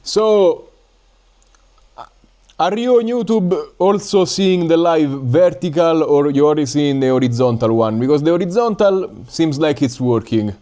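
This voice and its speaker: A man with an Italian accent talks casually on a drone-building livestream, stopping and restarting with fillers. His voice sits fairly high for a man but sounds dark and mellow. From Italy. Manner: halting, with many fillers and laughs. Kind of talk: casual live-stream chat.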